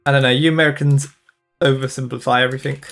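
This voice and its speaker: A young man with a British accent chats easily as he plays a game on stream. He laughs often and answers his viewers as he goes. His voice sits at an everyday middle pitch. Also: fairly even intonation, fast, gravelly, a bit bright, soft background music. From United Kingdom. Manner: chatty, laughs often, replies to chat. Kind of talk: casual chat while gaming.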